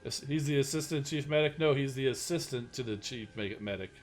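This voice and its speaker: Male game streamer, casual rambling chat, self-deprecating, mid-pitched. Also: brisk, soft background music. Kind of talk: casual live-stream commentary.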